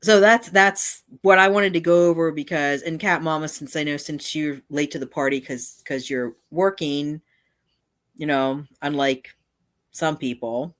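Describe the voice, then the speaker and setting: A woman's voice: low voice, fairly even intonation, unhurried, a bit bright. A woman hosting a casual live stream, chatting in a meandering way and often breaking off to circle back mid-thought. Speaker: channel host.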